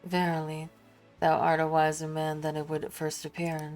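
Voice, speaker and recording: A woman voicing a solemn huntress who speaks in formal, old-fashioned phrases, measured and quiet. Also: low-pitched, completely flat delivery, faint music behind, natural voice. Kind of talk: reading game dialogue aloud.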